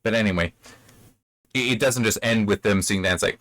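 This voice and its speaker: A man's voice: fairly low pitch, brisk, a bit bright, no room sound. A man hosting a casual book review. He rambles, corrects himself mid-sentence and briefly acts out lines from the story. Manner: rambling, self-correcting, acts out quoted characters. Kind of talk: casual spoken book commentary.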